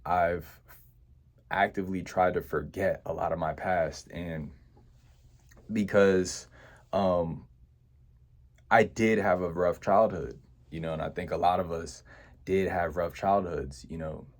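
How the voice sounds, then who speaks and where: A man's voice: sits low, fairly even intonation, takes it slowly, pauses often. A young man telling a personal childhood story to his viewers, reflective and full of "you know" fillers and restarts. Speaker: vlogger.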